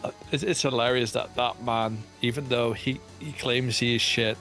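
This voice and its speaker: A man's voice: medium pitch, steady tone, moderate pace, a bit bright, faint music behind. A man chatting casually on a stream, laughing often and fumbling for words.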